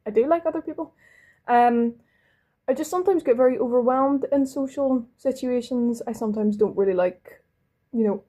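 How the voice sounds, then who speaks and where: A young London-based woman with a Belfast Northern Irish accent chats casually as she does her makeup for a vlog. She rambles, cuts herself off, and swears occasionally. Her voice sits on the high side with a dark tone.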